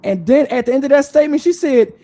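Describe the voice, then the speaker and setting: A man on a live online panel telling a long, profane story and acting out the other voices in it. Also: very high-pitched. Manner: animated, profane, fast storytelling that acts out quoted voices.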